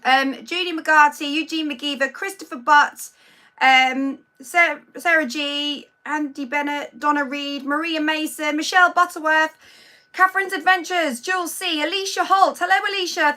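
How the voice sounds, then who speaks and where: Brief: woman, Norfolk accent, live-stream host, high bright voice, chatty and self-deprecating. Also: steady tone, normal speed. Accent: Norfolk English. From Norfolk, England. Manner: chatty, self-deprecating, stumbles over words. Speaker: livestream host. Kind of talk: casual live chat reading out viewers' names.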